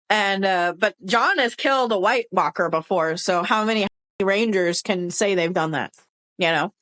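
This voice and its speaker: A woman's voice: medium pitch, normal speed, fairly bright tone, low-quality recording. Incredulous Southern woman co-host. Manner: laid-back, incredulous, lots of fillers. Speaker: podcast co-host. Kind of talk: casual chat recapping a TV show.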